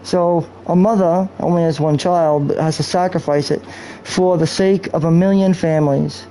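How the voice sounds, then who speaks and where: A man's voice: on the high side, steady tone, moderate pace, warm tone, a little hiss or hum, poor audio. Rambling, profane male streamer. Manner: rambling, profane, off-topic musing. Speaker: gaming streamer. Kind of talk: rambling live-stream chat. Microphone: cheap streaming mic.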